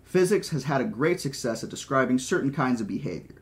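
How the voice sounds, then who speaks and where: A man's voice: medium pitch, expressive, fairly quick, lightly acted. A man reading the lines of a wry, opinionated male mathematician in a dry, lecturing manner.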